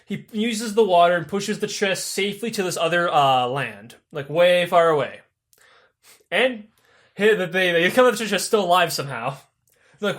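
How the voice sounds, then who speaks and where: A high-voiced man tells old myths as a comedy bit on a podcast. He swears freely, stays animated, and slips into silly voices for the characters. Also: normal speed. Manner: profane, animated, does goofy character voices. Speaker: podcast host. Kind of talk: comic storytelling of myths. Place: podcast studio.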